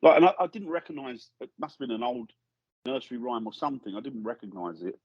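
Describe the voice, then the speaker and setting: A man, a guest paranormal investigator, telling a lively story in casual chat and acting out the voices he quotes. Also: medium pitch, quick pace, husky, no echo, lo-fi sound. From England. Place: studio.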